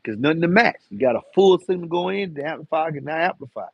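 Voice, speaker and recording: A man hosts a live car audio Q&A in a relaxed, talkative way, teasing viewers as he reads their comments. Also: a little high, fast talker, creaky, breathy edge, no room sound, lo-fi sound. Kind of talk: casual live-stream Q&A.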